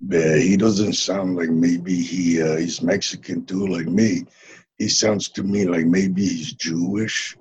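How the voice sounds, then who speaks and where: A man's voice: deep voice, steady tone, slow, darkish tone, slight background noise, poor audio. A man playing a laid-back Mexican ex-wrestler who hatched from an egg, drawling and saying "man" constantly in a comedy interview. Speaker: interview guest.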